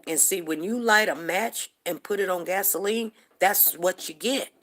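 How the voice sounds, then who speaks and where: A woman's voice: lowish voice, moderate pace, fairly bright tone. Woman venting on her live show, fired up, keeps repeating herself for emphasis. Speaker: host of a livestream show. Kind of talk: impassioned livestream commentary.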